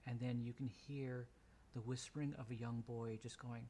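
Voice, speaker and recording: A man's voice: medium pitch, little pitch movement, normal speed, mellow, a little hiss or hum. A man running a tabletop role-playing game as game master, narrating loosely with lots of "kinda" and "like".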